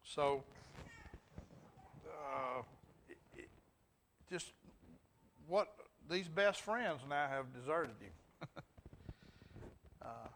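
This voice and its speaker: The voice is fairly high, fairly bright and animated, yet extremely slow with long pauses. It belongs to a middle-aged man with a Southern Alabama accent who teaches a Bible class, questioning the group, chuckling, and restarting often.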